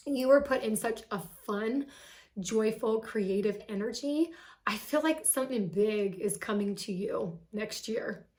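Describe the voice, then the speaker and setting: Woman tarot reader, young adult, fairly high voice, gushing and heartfelt, casual delivery. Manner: emotional, affectionate, gushing, sighing "whew". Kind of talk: casual tarot reading to camera.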